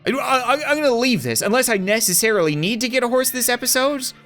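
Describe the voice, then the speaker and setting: A man hosting a casual game playthrough, rambling and joking with quick asides. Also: very high-pitched, big pitch swings, fairly bright tone, soft background music. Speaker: gaming video host. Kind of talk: casual let's-play commentary.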